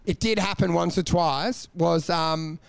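High-voiced man telling rowdy stories. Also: fairly even intonation, measured pace, vocal fry, smooth. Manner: rambling storyteller, swears a lot, laughs through stories. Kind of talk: casual comedic chat.

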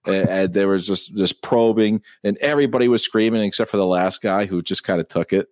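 A man's voice: on the low side, brisk, darkish tone, no echo. A man co-hosting a casual live-stream chat on a call, jokey and laughing at his own quips.

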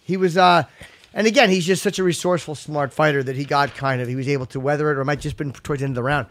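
A man hosting a sports podcast, chatting casually in a rambling, profane, animated way. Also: a little high, very fast, no echo. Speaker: podcast host.

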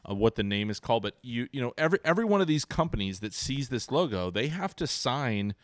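A man's voice: mid-range voice, fast, no room sound. A man in his forties co-hosting a casual sports podcast, telling stories animatedly and acting out his kids' voices. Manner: animated storyteller, acts out voices of his kids. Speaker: podcast co-host.

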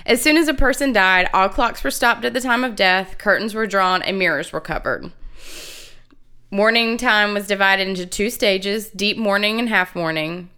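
A woman's voice: medium pitch, normal speed, pushed and bright, clean tone. A woman co-hosting a casual podcast, reading history notes aloud and breaking into giggles now and then. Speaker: podcast co-host.

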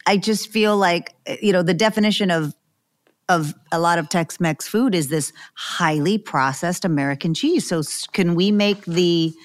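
Female podcast co-host, slightly low voice, animated casual delivery. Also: normal speed. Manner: animated, laughs often. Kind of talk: casual chat.

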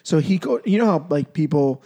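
Guy with a pretty high voice, chatty podcast host, easygoing. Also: expressive, a little fast, mellow. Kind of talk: casual chat.

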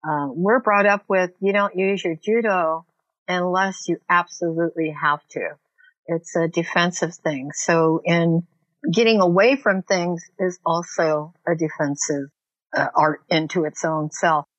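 A woman's voice: fairly low pitch, fairly even intonation, unhurried, no echo, highs cut off. A woman recounting a frightening personal experience in an earnest, vivid way, with frequent fillers. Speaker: interviewee recounting an assault. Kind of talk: personal storytelling.

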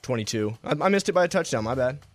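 A man co-hosting a casual sports talk show, sarcastic and quick with retorts. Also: a little high, big pitch swings, no echo, soft background music. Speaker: co-host.

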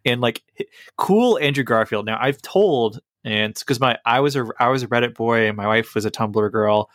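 A man's voice: mid-range voice, normal speed, fairly bright tone, no echo, studio quality. A man co-hosting a podcast, chatting casually and enthusiastically about a movie with a rambling, jokey manner. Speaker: podcast co-host. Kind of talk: casual movie review chat.

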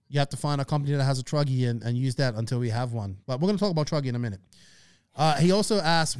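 Smooth-voiced male podcast host. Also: mid-range voice, dry recording, studio quality. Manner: loose and chatty, reads listener questions aloud. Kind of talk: casual podcast chat.

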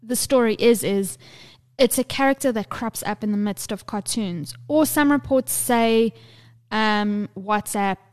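Young woman podcast cohost, smooth clear voice, bit high, chatty and swears a lot. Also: unhurried, darkish tone. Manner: chatty, swearing, laughs often. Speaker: podcast co-host. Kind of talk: casual chat.

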